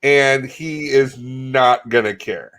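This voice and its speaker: A man's voice: mid-range voice, takes it slowly, a bit bright. A man co-hosting a comedy podcast, chatting casually in a rambling, joking way with plenty of swearing. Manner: rambling, swears, laughs often. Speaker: podcast co-host.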